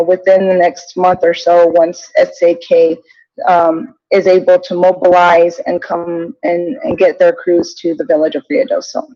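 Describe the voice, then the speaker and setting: A woman giving a project update at a village council meeting, halting, with many ums and restarts. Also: on the low side, warm tone. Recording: dull lo-fi meeting audio.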